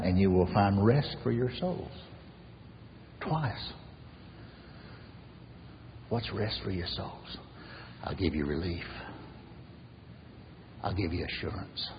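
A man preaching an earnest sermon as pastor, swinging from raised emphasis to soft near-whispers. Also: low-pitched, expressive, takes it slowly, pauses often, in a large hall, lo-fi sound, background noise.

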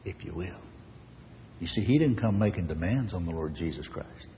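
Male preacher, low voice, pulpit delivery that rises loud and drops hushed; long reverb, faint hiss. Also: expressive, a little fast, dull audio. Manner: emphatic, repetitive preaching, swinging from loud to hushed. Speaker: pastor. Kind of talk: sermon. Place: church sanctuary.

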